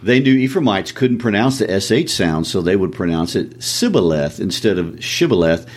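Guy, really deep voice, laid back storyteller on a book chat. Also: moderate pace, slightly rough. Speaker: podcast co-host. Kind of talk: literary discussion.

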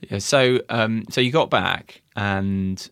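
A man's voice: lowish voice, slow pace, vocal fry, fairly bright tone, clean tone, no room sound, clean studio sound. A man hosting an interview, prompting his guest with conversational questions. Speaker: podcast host.

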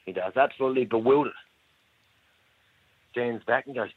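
A man's voice: fairly low pitch, steady tone, normal speed, pauses often, no room sound. A man with an Australian accent leaving a rambling, slightly tipsy phone message to tell a joke. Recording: tinny phone line.

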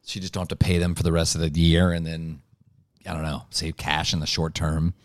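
A man's voice: rumbling low, level tone, fairly quick, no echo, clean studio sound. A man co-hosting a casual sports podcast, rambling with lots of "like" and "um" as he runs through picks. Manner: rambling, full of "like" and "um". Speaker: podcast co-host.

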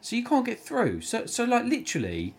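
A man's voice: very high voice, wildly swooping pitch, a little fast. A British man co-hosting a podcast, telling a story in casual chat, swearing and laughing a lot. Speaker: podcast co-host.

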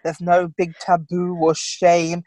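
A woman in her forties chatting as a guest in an interview, lively and quick to laugh. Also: lowish voice, dry recording, rough recording. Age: 40s. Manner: lively, laughs often, acts out voices in anecdotes. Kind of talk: casual interview chat.

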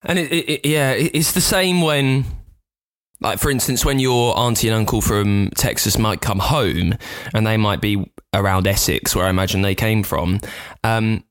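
A British man co-hosting a podcast, musing aloud in an animated, chatty way. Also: on the low side, normal speed, dry recording, clean studio sound. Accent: British English. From England. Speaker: podcast co-host. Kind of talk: casual chat.

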